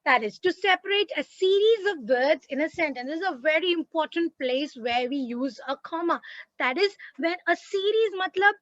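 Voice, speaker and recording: A woman teacher with an Indian English accent, giving an online lesson in a lively, emphatic way and repeating words for stress. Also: very high-pitched, normal speed, dry recording, highs cut off.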